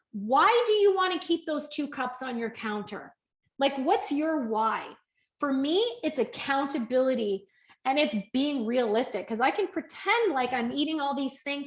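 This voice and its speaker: A woman in her thirties giving a chatty, animated fitness coaching talk and acting out little quoted voices. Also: sits high. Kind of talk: casual coaching talk to camera. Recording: echoey room.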